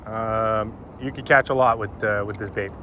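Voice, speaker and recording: A man's voice: on the low side, fairly even intonation, normal speed, bright, forceful tone, a little hiss or hum. Chatty man vlogging from a riverbank. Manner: chatty and informal, addressing viewers as "boys". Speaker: fishing vlogger. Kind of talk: casual vlog commentary. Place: outdoors on an urban riverbank.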